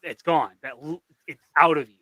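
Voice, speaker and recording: A man with a higher, bright, tense voice talks casually and reflectively, swearing now and then. The sound is dry and close. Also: fairly even intonation, moderate pace, no room sound. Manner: reflective, profane. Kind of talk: casual chat.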